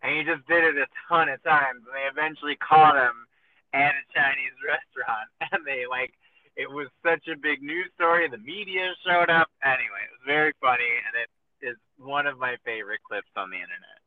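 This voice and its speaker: A man's voice: medium pitch, brisk, a crowd in the background. Rambling, swearing man on a tinny line. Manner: rambling storyteller, swears freely, acts out quoted voices. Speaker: podcast host. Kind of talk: casual chat. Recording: tinny lo-fi phone-like sound with faint noise.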